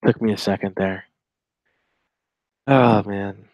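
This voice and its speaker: A man's voice: fairly low pitch, normal speed, no echo, muffled recording. A man in his twenties giving casual, rambling reaction commentary while reading a chat log, with sarcastic asides.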